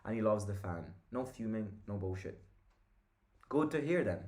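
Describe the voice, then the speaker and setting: A man's voice: on the low side, expressive, normal speed, darkish tone. A tired man hosting a fan channel, chatting casually and reacting to the play as he watches a live match.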